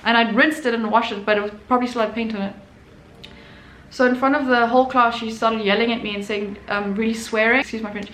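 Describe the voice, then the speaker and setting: Brief: animated woman host, fairly high voice, echoey room, telling a story casually. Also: brisk, slight background noise. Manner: animated, acts out quotes. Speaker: artist and channel host.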